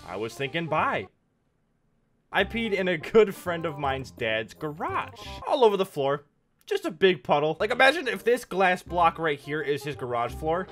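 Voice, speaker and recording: Bright, lively young man telling jokes. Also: fairly high pitch, moderate pace. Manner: jokey, laughs at his own punchlines. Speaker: gaming YouTuber. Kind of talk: comedic storytelling over gameplay. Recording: light background music.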